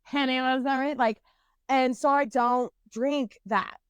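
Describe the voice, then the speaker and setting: A woman's voice: high-pitched, fairly even intonation, a little slow, smooth, no echo. Candid, profane young woman telling stories. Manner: profane, candid, self-mocking; rambling with frequent fillers and restarts. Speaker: podcast co-host. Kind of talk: casual storytelling chat.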